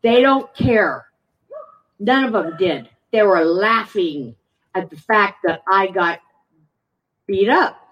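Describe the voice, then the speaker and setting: Slow, emotional woman heard from afar. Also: mid-range voice, expressive, recorded from a distance, lo-fi sound. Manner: emotional, halting, with frequent pauses. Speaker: resident speaking at a public meeting. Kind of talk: public testimony.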